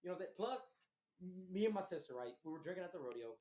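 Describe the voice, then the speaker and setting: A man from Houston with a hoarse, recovering voice, co-hosting a podcast and telling rambling, profane stories in a casual chat. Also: high-pitched, racing, roomy sound, a crowd in the background. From Houston, Texas. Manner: profane, rambling, animated storyteller. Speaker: podcast co-host.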